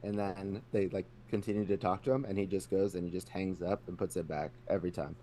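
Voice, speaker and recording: Laid-back podcast guy, lowish voice, laughs a lot, a little hiss behind him. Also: steady tone, fast, warm tone. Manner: laid-back storyteller, laughs often, slips into voices when quoting. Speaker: podcast co-host. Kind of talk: casual chat.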